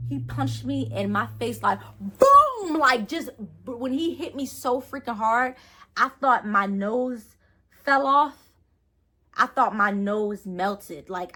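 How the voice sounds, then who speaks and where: A woman's voice: mid-range voice, bright, forceful tone. Young woman, vlogger, storytime, earnest, rambling, lots of fillers. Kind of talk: storytime vlog.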